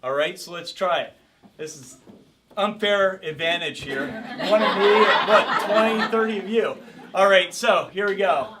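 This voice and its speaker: A man's voice: high voice, normal speed, heavy background noise. A man teaching a self-defense class as karate instructor, coaching a group with energy and calling out drills. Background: group of participants.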